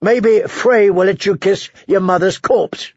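A brutal, scarred warrior barks and growls, gruff and scornful, as a male narrator puts him on. The voice is raised and gravelly with a husky edge. It sounds dull and dry, like a lo-fi close recording. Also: sits high, a little slow, dry recording, pitched above the performer's own voice. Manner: growling, shouting orders.

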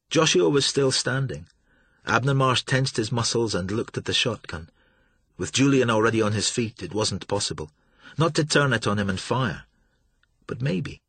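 A man reading a novel aloud as an audiobook narrator, measured and steady. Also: lowish voice, slightly rough, no room sound.

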